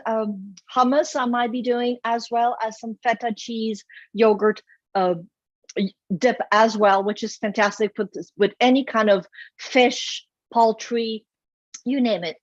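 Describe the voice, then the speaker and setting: Woman home-cook host, slightly high voice, dry and muffled video-call sound. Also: steady tone, measured pace, no echo. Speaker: cooking show host. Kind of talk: casual cooking demo chat. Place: home kitchen.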